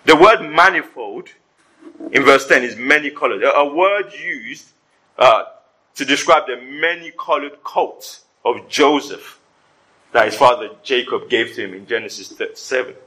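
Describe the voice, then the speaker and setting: A pastor preaching a sermon to his congregation, animated and joking in asides. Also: mid-range voice, a little slow, slightly rough, rough recording. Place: church service before a congregation.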